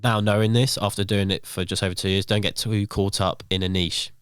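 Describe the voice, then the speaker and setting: A man's voice: lowish voice, flat delivery, brisk, clean tone, no room sound, clean studio sound. A young man telling stories on a podcast as the guest, with lots of fillers like "um" and "like". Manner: rambling, filler-heavy storytelling. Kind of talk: casual podcast chat.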